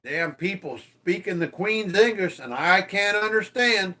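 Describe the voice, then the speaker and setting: Man, livestream host, teasing, swears a lot, slightly high voice, unhurried. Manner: animated, teasing, swears freely. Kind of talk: casual livestream chat, reading viewer comments.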